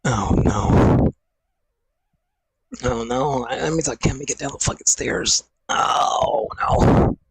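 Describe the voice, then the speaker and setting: A man's voice: mid-range voice, slow, long pauses, slightly rough, no room sound, poor audio. A young man streaming from home, in pain and short of breath, groaning and swearing as he talks to himself into a desk mic. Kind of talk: casual talk to viewers. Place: at home, indoors. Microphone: desk microphone.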